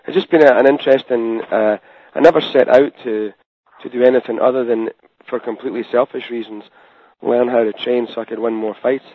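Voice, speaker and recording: A Scottish-accented man born in Scotland, a fitness trainer talking as a podcast guest in a relaxed, rambling way. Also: medium pitch, fairly quick, no echo. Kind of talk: casual podcast interview. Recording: dry, tinny phone line.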